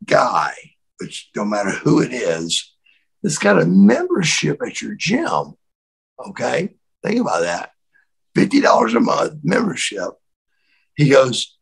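Gravelly storytelling man, lively delivery. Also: mid-range voice, slow pace, long pauses, rough recording. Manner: animated, repeats words, acts out quotes. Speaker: interview guest, former wrestler. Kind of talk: storytelling in a shoot interview.

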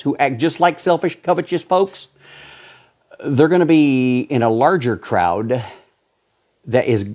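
A man preaching a sermon as a pastor, swinging between loud exhortation and hushed pleading. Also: a little high.

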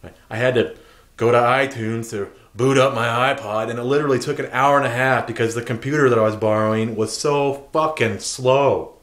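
A man's voice: mid-range voice, steady tone, normal speed, a bit bright, reverberant. A man telling an aggrieved, profane story in an angry vlog rant.

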